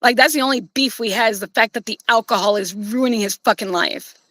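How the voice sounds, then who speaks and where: A woman's voice: a little high, fairly quick, fairly bright tone, dry recording, low-quality recording. A woman streamer telling a personal story in a casual, rambling way, swearing bluntly.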